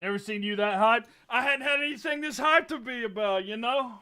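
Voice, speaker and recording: A young man with a high, bright voice whoops and hollers on a live stream. His voice has gone hoarse from yelling, and between the shouts he talks loosely to his chat. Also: fairly quick. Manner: yells and hypes, then talks to chat casually. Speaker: streamer reacting to a football game. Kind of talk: excited live-stream reaction.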